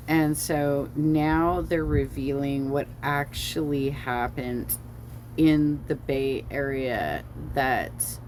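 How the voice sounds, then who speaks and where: Casting note: unhurried woman host, chatty and meandering, restarts often, faint air-con hum behind. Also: extremely low pitch. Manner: slow, rambling, frequent fillers and self-corrections. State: has the hiccups. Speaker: reaction video host. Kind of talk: casual commentary over a song.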